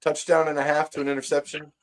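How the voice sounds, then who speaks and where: Man, sports talk co-host, teasing, argumentative, slightly high voice. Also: flat delivery, fast talker. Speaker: podcast co-host. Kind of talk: casual sports chat.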